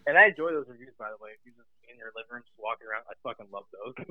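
A man guesting on a podcast, telling stories in an animated, casual way, swearing and laughing often. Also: mid-range voice, rapid-fire, narrow, tinny audio. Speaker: guest, radio show host. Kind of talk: casual chat.

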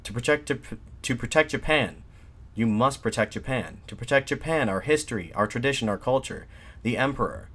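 A man voicing a defiant nationalist addressing soldiers from a balcony, in an impassioned, shouted pleading manner. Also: medium pitch, animated, fairly quick, pitched above the performer's own voice. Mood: fervent, shouting.

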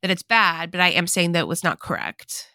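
A young woman co-hosts a casual podcast, and she talks in chatty, opinionated bursts. Her voice is bright and forceful, recorded dry and close with no room sound. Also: fairly low pitch, animated, a little fast, no room sound. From Kentucky, United States. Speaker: podcast co-host. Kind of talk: casual chat.

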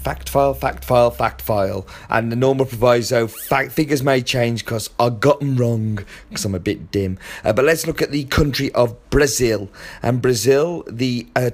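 A man presenting a fact segment, listing figures with hesitations and self-deprecating asides. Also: mid-range voice.

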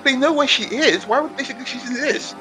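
A man playing in a tabletop game, animated and easily flustered. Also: very high voice, a little fast, faint music behind, poor audio. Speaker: player. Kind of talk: casual tabletop play.

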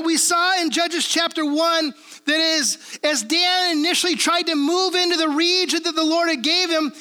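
A woman's voice: high voice, bright, forceful tone. A woman from the Pacific Northwest, a pastor teaching a sermon in a conversational way and checking in with listeners through frequent tag questions.

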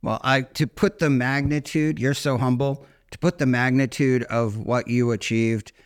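An enthusiastic man co-hosting a laid-back interview. He jokes freely and drops "man" and "dude" into his lines, with a voice of ordinary pitch. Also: fairly even intonation, moderate pace. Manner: enthusiastic, joking, calls people "man" and "dude". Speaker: podcast co-host. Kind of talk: casual interview chat.

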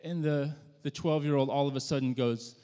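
A man preaching a sermon, telling a story in a conversational, halting way with frequent restarts. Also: medium pitch, fairly even intonation, mellow. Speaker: pastor. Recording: long hall reverb.

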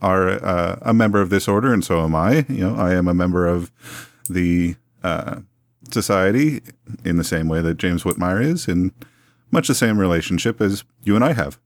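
A man's voice: deep voice, moderate pace, no room sound, studio quality. Man playing a pompous 1920s museum owner. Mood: suave. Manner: florid, long-winded, genteel phrasing. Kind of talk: tabletop role-play in character.

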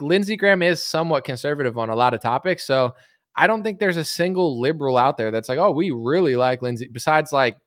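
A man's voice: on the high side, no room sound, clean studio sound. A man ranting in casual political commentary, rambling with lots of "like" and mocking impressions. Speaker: commentary streamer.

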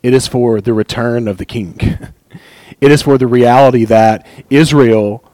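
A man giving an earnest, animated Bible teaching, reading scripture aloud and commenting on it, often with a light chuckle. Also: medium pitch, measured pace, dry recording, poor audio.

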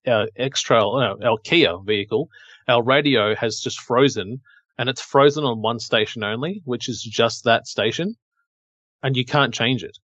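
A man's voice: medium pitch, a little slow, fairly bright tone, no echo, muffled recording. A man co-hosting a podcast in casual, joking, rambling chat. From Australia. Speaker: podcast co-host.

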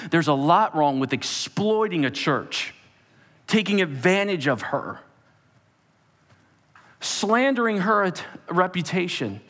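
A man's voice: sits high, a bit bright. A man preaching a sermon, emphatic and speaking straight to the congregation. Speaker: pastor. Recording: long hall reverb.

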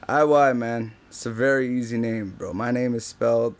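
A man's voice: medium pitch, steady tone, moderate pace, slight background noise. A man chatting casually on a podcast as a guest, joking around and saying "bro" often. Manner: laid-back, joking, says "bro" a lot. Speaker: guest rapper.

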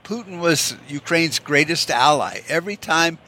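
A man's voice: a little high, animated, normal speed, pushed and bright. A man hosting a solo podcast, talking bluntly and sarcastically with lots of swearing, and slipping into mocking voices for the people he quotes. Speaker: podcast host. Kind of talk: opinionated solo podcast rant.

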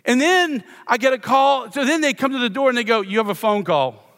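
A man's voice: extremely high pitch, animated, brisk, fairly bright tone. A middle-aged man from Louisiana, a pastor preaching a sermon with a self-deprecating, playful personal story. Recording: long reverb of a church hall.

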